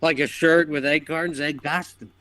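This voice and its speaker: A man putting on a gruff Midwestern dad who scoffs at putting effort into crafts. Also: on the high side, steady tone, normal speed, bright, forceful tone, pitched above the performer's own voice. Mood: scoffing.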